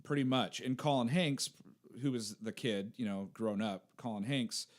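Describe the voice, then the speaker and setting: A man's voice: mid-range voice, moderate pace. A man in his thirties, a podcast host, telling a story in casual chat and acting out quotes with laughter. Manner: animated storyteller, acts out quotes, laughs often.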